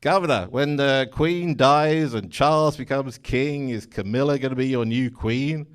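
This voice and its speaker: A man voicing a little old lady who eagerly asks slow questions about the royal family. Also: mid-range voice, clean tone, voice pushed up, lightly acted.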